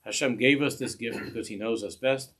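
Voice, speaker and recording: A man giving a religious lesson in a measured way, often repeating phrases as he searches for words. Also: medium pitch, a bit bright. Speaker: religious teacher. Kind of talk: instructional talk to parents.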